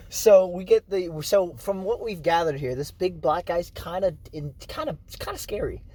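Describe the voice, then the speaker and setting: A man's voice: sits high, animated, measured pace, a little mellow. A young man co-hosting a comedy podcast, swearing freely and laughing often as he jokes through a film recap. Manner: crude, joking, laughs a lot. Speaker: podcast co-host. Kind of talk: casual comedic chat. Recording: faint background noise.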